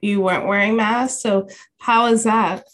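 A woman hosting a podcast, asking gentle, curious questions in a casual interview. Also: medium pitch, fairly even intonation, measured pace. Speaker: podcast host.

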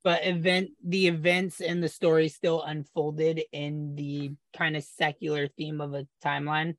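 Higher-voiced man explaining eagerly. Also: flat delivery, unhurried, no room sound. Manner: eager, explains at length, stumbles over words. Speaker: podcast co-host. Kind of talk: casual chat.

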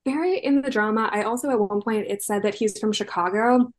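A woman hosts a casual podcast chat and talks with a wry, easygoing manner. Her pitch sits in a middle range for a woman. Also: a little fast. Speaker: podcast host.

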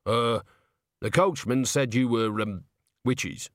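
A man voicing a worried, middle-aged tavern keeper who speaks hesitantly, halting with ums, in a storybook reading. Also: medium pitch, dry recording, clean studio sound, natural voice.

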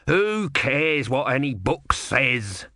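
A man's voice: mid-range voice, lively intonation, measured pace, a bit bright, dry recording, studio quality. A man voicing a bitter, sarcastic male god trapped as a small tortoise, in a storybook reading. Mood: exasperated. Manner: sarcastic, exasperated.

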